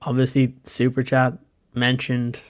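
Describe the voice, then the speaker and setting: Man with a flat, even voice. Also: mid-range voice, unhurried. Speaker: podcast co-host. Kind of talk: live stream chat.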